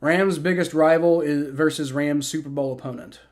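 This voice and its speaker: A man's voice: a little high, fairly even intonation, moderate pace. A man in his twenties hosting a livestream, mixing play-by-play with casual chat, rambling with repeated words and fillers. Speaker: livestream host. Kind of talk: live play-by-play and chat reaction.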